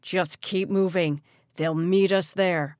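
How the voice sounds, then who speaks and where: A woman's voice: fairly low pitch, steady tone, slow pace, a little mellow, dry recording, studio quality. A woman doing a firm middle-aged father. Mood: firm, urgent. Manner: firm, commanding.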